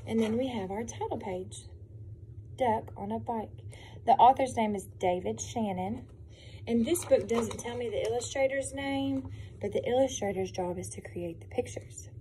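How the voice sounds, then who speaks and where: A woman, a preschool teacher, reading a picture book aloud to young children in a gentle, encouraging, expressive way. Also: on the high side, moderate pace, a little hiss or hum.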